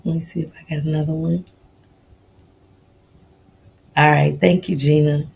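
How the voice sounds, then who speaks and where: A woman hosting a casual livestream, greeting viewers by name in relaxed, slangy banter. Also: sits low, fast talker, creaky, a little hiss or hum. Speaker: livestream host.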